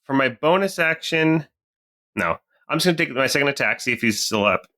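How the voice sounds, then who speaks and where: A man playing a tabletop game, calling out his attacks in a brisk, matter-of-fact way. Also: medium pitch, expressive, bright, forceful tone. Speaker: player.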